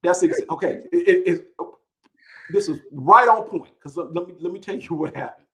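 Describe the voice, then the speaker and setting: A man hosting a live podcast, telling a long story with energy, often repeating words and rising in pitch when excited. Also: moderate pace, rough recording. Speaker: podcast host.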